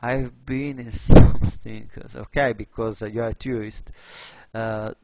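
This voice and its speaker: A man from Italy with an Italian accent, tutoring on design while thinking aloud, halting with many fillers and restarts. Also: fairly low pitch, fairly even intonation, gravelly, heavy background noise. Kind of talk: screen-recorded tutorial.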